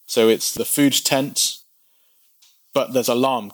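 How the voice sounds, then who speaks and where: A man's voice: mid-range voice, fairly even intonation, takes it slowly, pauses often, no room sound. A man teaching a Bible passage verse by verse, in a conversational way that asks the listener questions as he explains.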